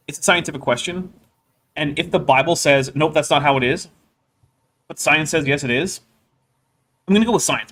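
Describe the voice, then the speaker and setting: A man hosting a livestream in casual chat, talking in an animated, rambling way. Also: mid-range voice. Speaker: livestream host.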